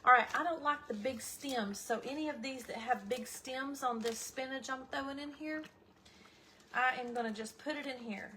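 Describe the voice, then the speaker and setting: A middle-aged woman talks viewers through a recipe in her home kitchen. Her voice sits a little high, and her easy, folksy chat is full of asides. There is a clear bed of noise in the recording. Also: moderate pace, sharp tone. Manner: chatty, folksy, addresses viewers as y'all. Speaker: cooking vlogger. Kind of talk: casual cooking livestream chat. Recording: audible background noise.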